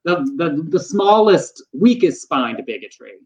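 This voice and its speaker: A man's voice: fairly high pitch, big pitch swings, noisy background. A man co-hosting a podcast and running through the news in a casual, breezy, chatty way. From Texas. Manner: chatty, breezy, quick asides. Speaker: podcast co-host.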